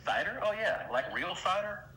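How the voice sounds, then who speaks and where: A man's voice: high voice, moderate pace, a crowd in the background, poor audio. A man with a Southern US accent from Alabama, chatting casually on a stream and telling folksy, rambling stories. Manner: folksy, rambling, lively storyteller. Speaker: stream regular. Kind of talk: casual voice chat.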